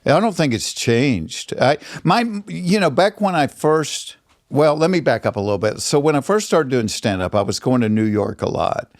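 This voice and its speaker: A middle-aged man with a Georgia Southern accent, telling stories as a comedian guest in a casual chat, animated and jumping up in pitch when he acts out quotes. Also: moderate pace, no room sound, clean studio sound.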